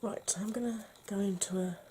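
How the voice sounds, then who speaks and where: A UK makeup vlogger chats through a makeup tutorial, often dropping to a whisper as she works. Her medium-pitched voice is steady and moderately paced, with heavy background noise.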